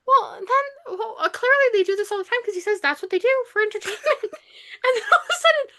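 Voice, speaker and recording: A young woman co-host tells a book plot in a loose, animated way, full of "like" and "you know." Her voice sits high and bright. It is recorded dry and close, with no room sound. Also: fast talker, dry recording. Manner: animated retelling with frequent fillers. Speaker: podcast co-host. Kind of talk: casual book review chat.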